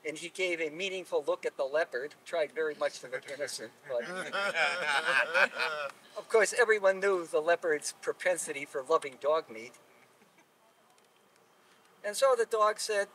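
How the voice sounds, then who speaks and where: A man telling a folk tale aloud in an unhurried, relaxed way. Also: high-pitched, husky. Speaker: storyteller. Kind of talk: live oral storytelling. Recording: distant mic at live telling.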